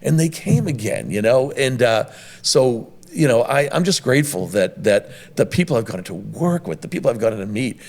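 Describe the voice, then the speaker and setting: A middle-aged man, a restaurant owner, telling long stories on a podcast in a rambling, animated way with many restarts. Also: mid-range voice, normal speed, vocal fry. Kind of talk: conversational podcast storytelling.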